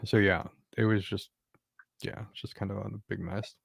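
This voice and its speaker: A man's voice: lowish voice, flat delivery, moderate pace, creaky, fairly bright tone, no echo, studio quality. A man giving rambling casual commentary on a trial, with lots of fillers. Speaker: co-host.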